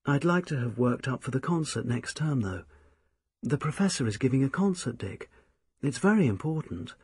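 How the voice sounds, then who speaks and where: A man's voice: mid-range voice, expressive, moderate pace, a little mellow, breathy edge, no room sound, clean studio sound. A man voicing a young woman, an earnest and devoted music student, in an audiobook reading. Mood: wistful. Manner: eager, tender, pleading. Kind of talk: audiobook character voice.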